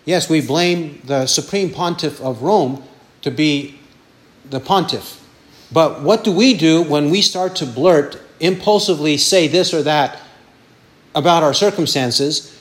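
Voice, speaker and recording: Male preacher, high voice, slow and emphatic delivery, piles up words for stress. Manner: asks questions and answers them himself. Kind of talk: sermon.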